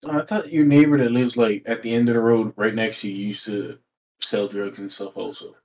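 A man's voice: on the low side, fairly even intonation, moderate pace, a little mellow, low-quality recording. A man hosting a podcast, chatting casually and swearing freely. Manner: laughs easily, swears casually. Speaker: podcast host. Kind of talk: casual chat among friends.

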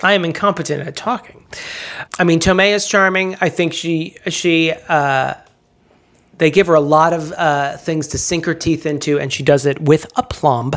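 A woman's voice: low voice, fairly even intonation, moderate pace. A woman co-hosting a podcast, chatting casually and self-deprecatingly about a movie, with many fillers. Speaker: podcast co-host. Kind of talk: casual movie review chat.

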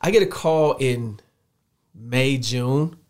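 A man's voice: mid-range voice, slow. A man from Chicago, a football coach guest on a podcast, telling stories casually and acting out the voices of people he quotes. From Chicago, USA. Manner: animated storyteller who acts out quoted dialogue. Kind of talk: casual storytelling interview.

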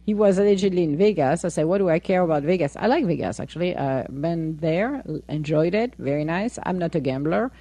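Low, mellow-voiced woman telling a story. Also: fairly quick, hardly any pauses. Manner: animated storytelling, laughing often, acting out her own replies. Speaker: podcast host. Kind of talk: casual chat.

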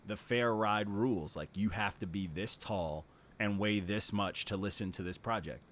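Low-voiced man, animated slangy chatter. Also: normal speed, no echo. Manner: animated, swearing, repeats words. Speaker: podcast co-host. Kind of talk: casual music review chat.

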